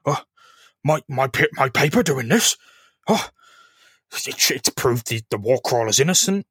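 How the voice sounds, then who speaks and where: A man's voice: mid-range voice, animated, a little slow, a bit bright, husky, no room sound, clean studio sound. A man putting on the voice of a furious older newspaper boss ranting from his hospital bed. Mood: raging. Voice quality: blustering, ranting.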